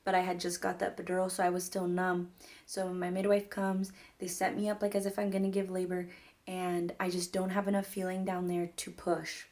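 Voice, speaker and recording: Young woman vlogging, low-ish voice, pretty flat, just rambling on with lots of "like". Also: brisk. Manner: chatty, rambling, heavy use of "like" and "mind you guys". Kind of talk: casual storytelling to camera.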